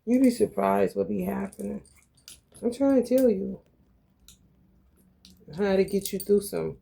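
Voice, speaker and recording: A woman's voice: mid-range voice, a little slow, creaky, pauses often, mellow. A woman giving a casual tarot reading. She talks bluntly and profanely, calls the viewers y'all and honey, and laughs often as she tells stories. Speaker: tarot reader.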